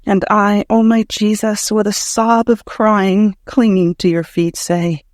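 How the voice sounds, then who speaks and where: High-voiced man reading devotional prose. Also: steady tone, unhurried, hardly any pauses, no echo, studio quality. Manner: fervent, prayerful, emotional. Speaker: audiobook narrator.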